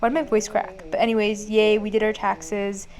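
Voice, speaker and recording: A woman's voice: medium pitch, level tone, moderate pace, darkish tone. A young adult woman vlogging in a casual, chatty way, dramatically complaining and using lots of "like" fillers. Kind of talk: casual vlog chat.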